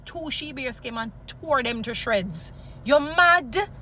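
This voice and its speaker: A Jamaican woman vlogging, scolding and preaching in an animated mix of patois and English, weaving in Bible stories. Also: high-pitched, slow, a little hiss or hum. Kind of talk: impassioned commentary with Bible stories.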